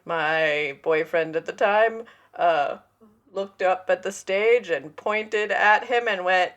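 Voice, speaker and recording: A woman's voice: fairly low pitch, takes it slowly, fairly bright tone. A woman in her forties, co-hosting a podcast, telling anecdotes in casual chat and acting out the voices of the people in them. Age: 40s. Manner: anecdotal storyteller, acts out quoted voices. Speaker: podcast co-host.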